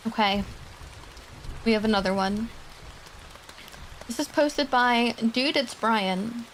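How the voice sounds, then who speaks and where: A woman's voice: a little high, slow, slight background noise, poor audio. A woman streamer chatting casually with her viewers and reading spooky online stories aloud.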